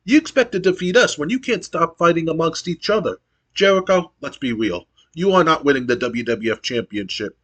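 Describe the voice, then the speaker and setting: Man voicing a smug young wrestler, boastful, slightly high voice. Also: expressive, a little fast, a bit bright.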